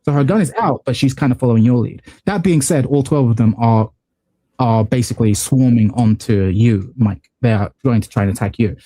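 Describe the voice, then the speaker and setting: A man runs a tabletop game over a call, his voice mellow and warm. The sound is dry and close. He narrates haltingly, with frequent ums and restarts. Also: mid-range voice, no echo. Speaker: game master.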